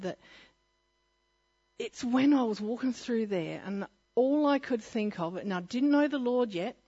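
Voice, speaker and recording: A woman's voice: mid-range voice, a little mellow, husky, lo-fi sound. A woman sharing her personal testimony at church, earnest and often laughing as she restarts her sentences.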